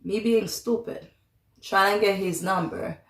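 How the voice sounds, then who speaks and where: In an echoey room, an American vlogger in her twenties shares a personal story, rambling in a confiding, chatty way full of filler words. She speaks unhurriedly at a medium pitch.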